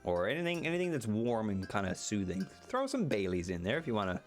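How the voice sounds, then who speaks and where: A man's voice: lowish voice, very animated, fast talker, faint music behind. A young man casually streaming a game, playful, with silly asides and voices. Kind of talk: casual let's-play commentary.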